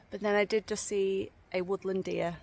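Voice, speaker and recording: A woman's voice: mid-range voice, flat delivery, measured pace, creaky, darkish tone. A woman vlogging outdoors as she walks a forest trail, chatty and laughing as she tells her story. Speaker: walking vlogger. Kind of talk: casual vlog storytelling.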